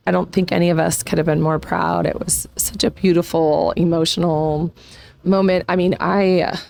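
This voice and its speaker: A woman's voice: on the low side, level tone, normal speed, creaky, darkish tone. A woman in her forties hosting a podcast, telling a personal story in a casual, rambling way, emotional and close to tears. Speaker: podcast host.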